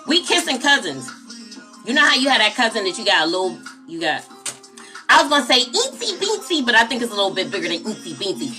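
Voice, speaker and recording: A woman's voice: a little high, sing-song, fast talker, bright, forceful tone, faint music behind. A woman hosting a casual late-night livestream, chatty and talking straight to her viewers as y'all. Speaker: livestream host.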